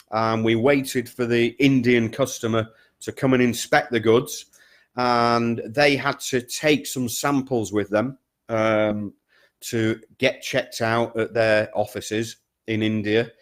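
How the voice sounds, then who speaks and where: A man who coaches business students, talking straight to them and repeating his points with frequent "okay?" and "guys". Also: medium pitch. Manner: repetitive, emphatic, keeps checking in with "okay?" and "guys". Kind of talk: direct-to-camera coaching talk.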